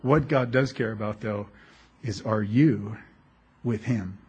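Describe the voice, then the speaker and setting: A middle-aged man preaching a sermon as a pastor, telling animated, jokey stories with frequent restarts. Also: fairly low pitch, slow, husky.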